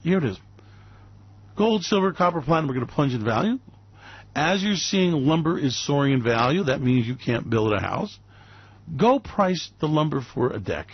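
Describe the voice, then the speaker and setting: A man's voice: fairly high pitch, sing-song, moderate pace, slightly rough, dry recording, muffled recording. A man hosting a radio show, ranting sarcastically and slipping into mocking, theatrical silly voices.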